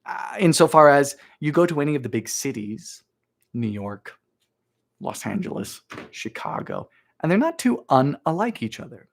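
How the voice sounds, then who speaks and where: Animated husky-voiced man. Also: on the high side, normal speed. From Bermuda. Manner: animated, playful, chatty. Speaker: baking show host. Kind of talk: casual live-stream chat while baking. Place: home kitchen.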